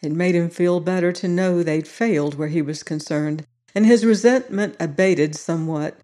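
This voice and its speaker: A narrator reading a science fiction story aloud in a measured storytelling manner. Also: mid-range voice, dark tone.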